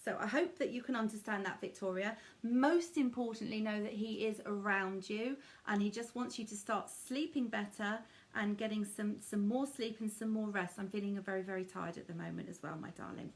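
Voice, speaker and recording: A woman's voice: medium pitch, moderate pace. A woman giving a live-streamed psychic reading, speaking in a soothing, intimate way full of endearments.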